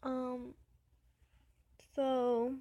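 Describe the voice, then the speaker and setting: Woman vlogger, childlike voice sitting a little high, slow and halting, defensive. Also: monotone, mellow. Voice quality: babyish, childlike voice. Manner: hesitant, defensive, many fillers. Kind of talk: casual talk to camera.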